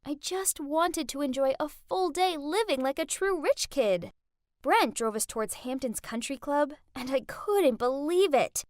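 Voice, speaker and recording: High, lively woman narrator. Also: measured pace, no echo, clean studio sound. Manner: expressive, dramatic. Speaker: story narrator. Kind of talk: scripted first-person narration.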